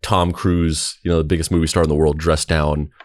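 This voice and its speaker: A man's voice: very deep voice, level tone, fairly quick, no echo, clean studio sound. A man hosting a podcast in casual chat, rambling, with many restarts and "like"s as he thinks aloud. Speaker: podcast host.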